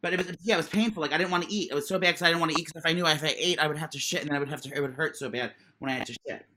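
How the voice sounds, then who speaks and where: A man's voice: on the high side, rapid-fire, sharp tone, a little hiss or hum. A young man co-hosting a podcast, telling a rambling story with stutters and restarts. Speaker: podcast co-host. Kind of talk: casual storytelling chat.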